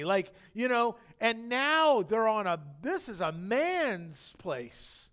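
A man preaching a sermon as pastor, animated and acting out the scripture quotes in different voices. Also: high voice, slow, hardly any pauses.

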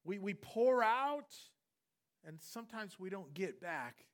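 A pastor preaching an expository sermon, acting out the voices of the people in the story. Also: male voice, sits high, slow. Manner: animated, acts out voices of the story.

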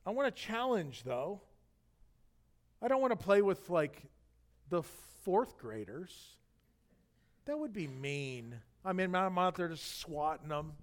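Here a pastor in middle age tells stories through his sermon, keeping it chatty and animated with jokes and digressions. His voice is high and his pace a little slow.

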